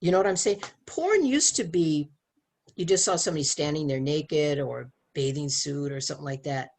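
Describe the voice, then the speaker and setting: A middle-aged woman with a low, husky voice talks in a casual conversation. She is earnest and animated, often restarting her sentences. Her stories come from her work as a sex educator. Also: moderate pace.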